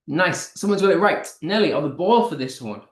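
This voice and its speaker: A man with a British accent teaching an online English lesson, encouraging students and reading lines of verse slowly with heavy stress. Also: a little high, lively intonation, roomy sound.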